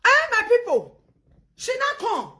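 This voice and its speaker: Animated Nigerian woman ranting on a live stream. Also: very high-pitched, measured pace. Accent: Nigerian Pidgin English. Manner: animated, laughing, switches between loud outbursts and quiet phone chat. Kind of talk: casual live-stream rant.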